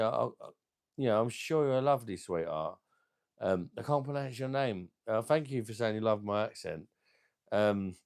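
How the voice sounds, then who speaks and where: Gravelly low man rambling crudely. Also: darkish tone. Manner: crude, rambling, hesitant with many ums. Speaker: beer reviewer on a live stream. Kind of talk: crude rambling live-stream chat.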